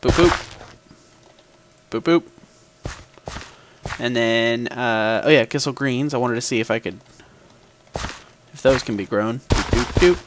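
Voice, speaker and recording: A man's voice: mid-range voice, takes it slowly, pauses often. A man hosting a gaming video, chatting casually as he plays, thinking aloud and humming little sound effects while he talks to the game. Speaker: gaming channel host. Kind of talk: casual gameplay commentary. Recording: background noise with mouse and keyboard clicks.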